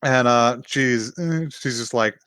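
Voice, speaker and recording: A man's voice: medium pitch, takes it slowly, fairly bright tone, clean tone, no room sound. Guy on a podcast recapping anime, rambly, laughs a lot, dry close mic, no room sound. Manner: rambling, laughs often, acts out lines in little voices. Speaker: podcast co-host. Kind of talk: casual chat recapping an anime.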